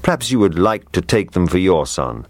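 A polite, well-off gentleman from a children's story, voiced by a male reader. He speaks in a low voice, courteous and measured, and the recording is dry. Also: very animated, no echo.

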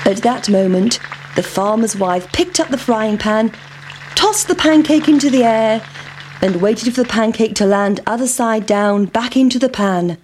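A woman reading a children's story aloud in a clear, measured voice. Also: on the high side, darkish tone, slight background noise.

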